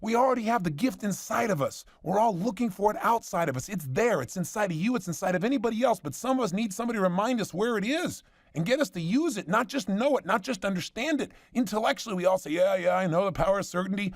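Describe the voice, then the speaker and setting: A man's voice: sits high, expressive, fast, dry recording, studio quality. A man giving a motivational seminar talk, telling a story with emphasis. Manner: emphatic storyteller, retelling conversations. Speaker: motivational speaker.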